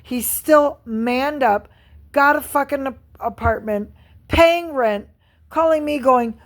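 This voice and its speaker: A woman's voice: a little high, unhurried, long pauses. Angry middle-aged woman ranting. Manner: angry, profane, repetitive venting. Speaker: vlogger. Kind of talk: ranting vlog monologue.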